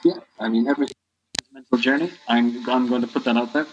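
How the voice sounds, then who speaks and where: A man talking as a podcast guest in casual chat, halting, with lots of restarts and fillers. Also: medium pitch, steady tone, dull audio, soft background music.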